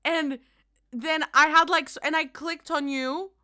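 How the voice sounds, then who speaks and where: A woman game streamer chatting casually with her viewers, bubbly and quick to laugh, calling people darling. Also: high voice, fairly even intonation, no room sound, clean studio sound. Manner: bubbly, bursts into loud panicked squeals and laughter. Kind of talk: casual live-stream chat.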